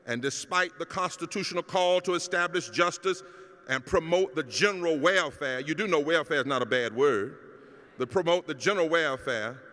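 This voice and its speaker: A middle-aged man preaches a keynote address with a rousing, rhythmic cadence that builds to shouted peaks. His voice sits somewhat high for a man. The sound carries a long reverb from the large hall around him. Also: moderate pace. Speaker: pastor giving a keynote. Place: large hall at a public celebration.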